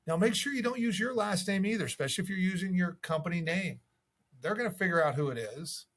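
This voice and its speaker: A man's voice: high voice, animated, fast talker, a bit bright. A man coaching real estate agents in a casual, conversational way, acting out sample voicemails. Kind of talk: casual video tips to camera.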